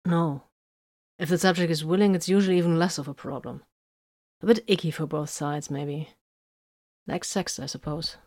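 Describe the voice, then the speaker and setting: A woman reading the part of a tired, brooding male space warrior in a flat, dry voice. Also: deep voice, moderate pace, no room sound. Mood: weary.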